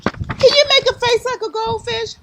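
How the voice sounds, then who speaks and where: A woman librarian reading picture books aloud to children outdoors in a park, animated and singsong, gasping and prompting the kids to join in. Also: extremely high pitch, moderate pace, low-quality recording. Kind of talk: storytime read-aloud for kids.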